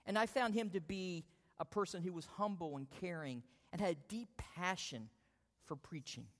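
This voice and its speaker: A man preaching a sermon, telling a lively self-deprecating personal story before drawing the lesson. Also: high voice, normal speed. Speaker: pastor. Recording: long hall reverb.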